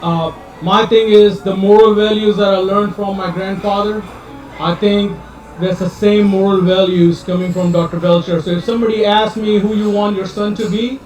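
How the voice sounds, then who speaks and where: A man giving a heartfelt, joking speech at a retirement party, halting, with many restarts. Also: high-pitched, steady tone, darkish tone, soft background music. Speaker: guest speaker. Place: party room. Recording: roomy hall, mic at a distance.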